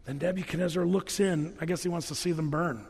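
Man, pastor, conversational humorous sermon, high voice, long church reverb. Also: steady tone, a little fast, creaky, a little mellow, slightly rough. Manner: conversational, humorous storytelling preacher.

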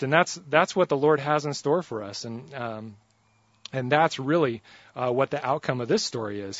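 A man preaching a sermon, telling a funny personal story in an animated, joking way. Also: medium pitch, dry recording, muffled recording.

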